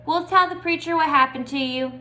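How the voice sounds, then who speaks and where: A woman reading a storybook voices a bratty ten-year-old boy who taunts loudly. The voice sits high and bright. It suits a mocking schoolyard kid. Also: fairly quick. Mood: taunting.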